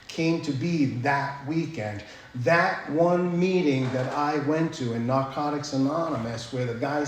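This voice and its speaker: A man tells his recovery story in a blunt, profane, storytelling way, checking in with the listeners as he goes. His voice sits mid-range and rings through a very echoey room. A faint ambient hum sits behind him. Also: mid-range voice. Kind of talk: personal recovery talk.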